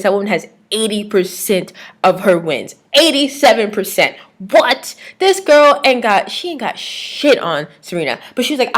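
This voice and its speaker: Young woman ranting, low-pitched. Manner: animated, exasperated, slangy with frequent filler words. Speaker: vlogger. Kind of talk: casual ranting vlog.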